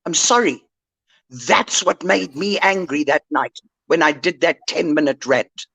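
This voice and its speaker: A woman's voice: low-pitched, a little slow, gravelly, fairly bright tone, slightly rough. An older woman on an online call, ranting indignantly and lecturing someone in a live chat. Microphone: online call mic.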